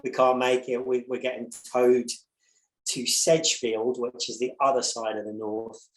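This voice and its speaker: A man's voice: medium pitch, monotone, moderate pace, roomy sound, poor audio. A man, a musician guest on a podcast, telling a long tour story in a rambling, profane way, full of restarts. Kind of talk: casual anecdote telling.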